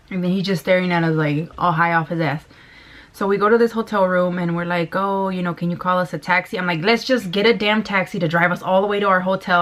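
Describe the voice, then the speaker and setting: A woman's voice: fairly low pitch, fairly bright tone. Chatty young woman telling a rambling story. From Mexico. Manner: chatty, rambling, swears casually, laughs often. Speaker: vlogger. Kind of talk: casual story time while eating.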